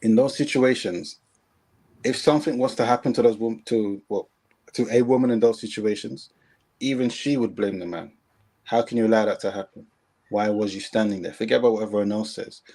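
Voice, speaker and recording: A man in casual podcast chat, giving his opinion in a measured, emphatic way. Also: on the low side, mellow.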